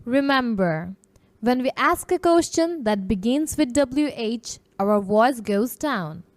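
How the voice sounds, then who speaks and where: A woman teacher reading a children's English lesson aloud, slowly and carefully, modelling phrases for pupils to repeat. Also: on the high side, animated. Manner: slow, careful, clearly articulated drill reading.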